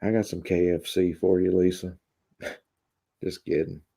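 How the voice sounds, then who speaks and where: A man hosting a live stream, chatting casually with viewers in a deadpan, rambling way full of fillers. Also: low-pitched, unhurried, creaky, husky. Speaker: live-stream host reading chat.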